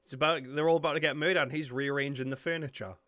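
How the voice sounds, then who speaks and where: A young man with a Geordie accent, reacting to a film with excitable, sweary commentary. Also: on the high side, fast, music in the background. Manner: excitable, sweary, blurts out shock. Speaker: reaction video host.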